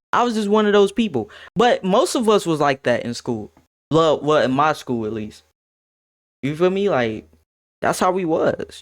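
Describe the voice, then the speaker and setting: A young man streaming a casual storytime to his chat, animated and laughing, acting out what others said. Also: a little high. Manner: animated, laughs, quotes others in shifting voices.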